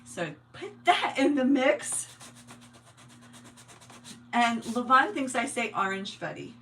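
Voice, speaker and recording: A chatty woman with a mixed New Jersey and Long Island accent, softened by years in Indiana, talks her viewers through a craft project. She thinks out loud and laughs easily. Sanding and rubbing noises come through clearly behind her. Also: a little high, big pitch swings, takes it slowly, a little hiss or hum, poor audio. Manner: chatty, laughs often, thinks aloud while working. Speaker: crafting livestream host. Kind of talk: casual craft-along chat.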